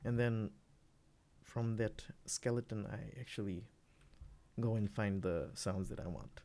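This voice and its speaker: A man producing music, walking through his own beat in a relaxed, rambling way, with many fillers and restarts. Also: lowish voice, unhurried. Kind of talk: casual screen-recorded tutorial.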